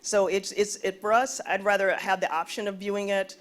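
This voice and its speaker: A woman's voice: medium pitch, steady tone, fairly quick. A woman talent agent on a panel, explaining her view earnestly. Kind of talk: panel discussion.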